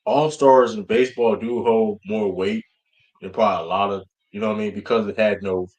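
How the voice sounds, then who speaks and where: A man talking sports casually in slangy, halting speech. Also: fairly low pitch, steady tone, a little mellow.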